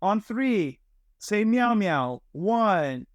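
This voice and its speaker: A man putting on a chirpy high maid cafe hostess. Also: very animated, no room sound, studio quality, full character voice. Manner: sing-song, slow, halting rule-reading.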